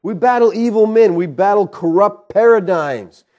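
A man's voice: sits high, normal speed, darkish tone, muffled recording. A man preaching a sermon as pastor, emphatic and asking the congregation rhetorical questions.

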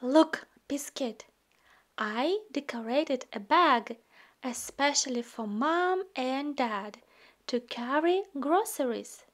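A woman reading a children's picture book aloud into a phone, slow and gentle, with some words hushed. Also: high-pitched. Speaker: storybook reader.

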